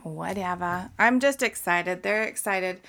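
A woman's voice: fairly low pitch, a little slow, a bit bright, slight background noise. A woman in her thirties from Utah, chatting casually and telling stories with plenty of swearing and laughter. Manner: profane, laughing storyteller. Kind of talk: casual chat.

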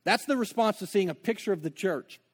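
A man's voice: high voice, animated, a little fast. A man preaching a sermon as pastor, conversational, with joking asides and acted-out dialogue.

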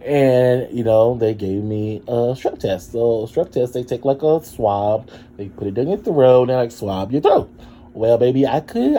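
A sick man with a sore throat and drained energy tells a story to his viewers. His voice is dark and mellow, but he jumps to high exclamations and drops in sassy asides. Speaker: vlogger. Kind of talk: casual storytelling to camera.

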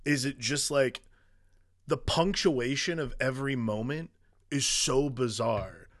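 Male podcast co-host, mid-pitched, loose rambling delivery, casual review talk. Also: slow pace, a bit bright. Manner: rambling, filler-heavy, restarts sentences. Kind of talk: casual comedic movie review chat.

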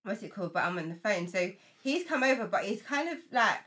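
Bright, animated young woman. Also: medium pitch, fairly quick. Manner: animated, acts out quotes, laughs often. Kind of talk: casual chat.

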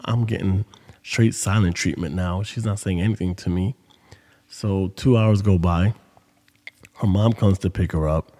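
A man's voice: deep voice, steady tone, a little slow, dark tone, long reverb tail. A man hosting a podcast, telling a story in casual monologue with loose, profane street talk. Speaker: podcast host.

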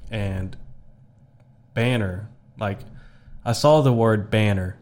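Low-voiced laid-back man telling a story. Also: slow, a little mellow. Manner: laid-back, says "bro" and "dude" a lot. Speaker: podcast guest. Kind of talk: casual podcast chat, storytelling.

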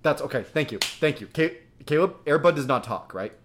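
A man's voice: a little high, expressive, a little fast, background noise. Jonge man, vloekend en kletsend. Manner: rambling, profane storytelling. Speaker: podcast co-host. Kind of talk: casual chat.

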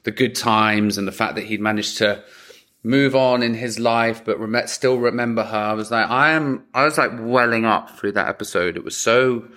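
Animated male podcast co-host, casual. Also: fairly low pitch, moderate pace. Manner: animated, emotional, swears freely. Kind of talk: casual chat.

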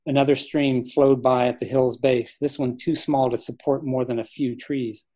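Male author narrating his own fiction, mellow tone, measured delivery. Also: medium pitch. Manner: steady, measured storytelling. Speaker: author reading his novel. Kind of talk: audiobook-style narration.

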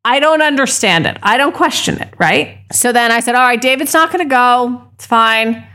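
Fired-up podcast co-host mom, fairly high voice, ranting storyteller. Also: female voice, lively intonation, moderate pace, sharp tone. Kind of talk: casual chat.

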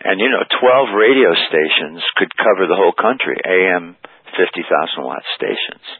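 Low husky older man on a phone line. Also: lively intonation, moderate pace, no room sound. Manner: rambling anecdotes with many fillers. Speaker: interview guest, rock musician. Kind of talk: storytelling interview.

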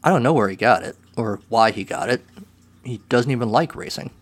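A man's voice: mid-range voice, brisk. A man reading a first-person short story aloud in a dry, wry way.

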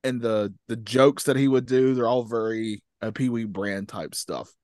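A man's voice: mid-range voice, normal speed, a little mellow, dry recording, studio quality. A man co-hosting a podcast in casual chat, easygoing and agreeable, chiming in with "yeah" and laughing. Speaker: podcast co-host.

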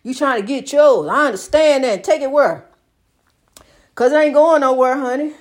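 High-voiced woman preaching with rising fervor. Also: moderate pace. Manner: rhythmic, repeats phrases, calls listener honey; rises into loud exhortation. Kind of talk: preaching testimony.

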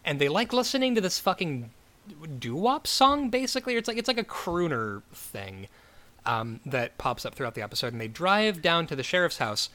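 Animated man recapping with lots of fillers. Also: on the high side, normal speed. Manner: animated, swears, many fillers, acts out quoted characters. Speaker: podcast co-host. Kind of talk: casual chat recapping a TV episode.

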